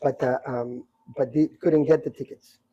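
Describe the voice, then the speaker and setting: Man, middle-aged, casual storytelling, husky, animated, stumbles and repeats words. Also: mid-range voice, normal speed, highs cut off. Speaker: guest telling life stories.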